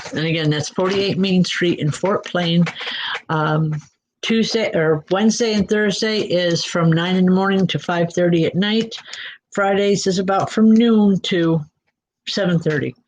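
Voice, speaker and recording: A woman working as a psychic medium, giving spirit readings in a gentle, reassuring way and speaking straight to listeners by name. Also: on the low side, unhurried, a little hiss or hum. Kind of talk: live spirit readings and announcements. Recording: dull lo-fi recording.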